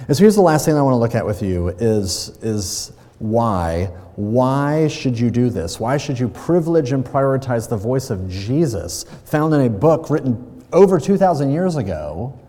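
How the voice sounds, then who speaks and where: A man's voice: medium pitch, big pitch swings, moderate pace, mellow. A man pastor delivering a sermon in a conversational way, using playful everyday examples. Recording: long reverb of a large hall.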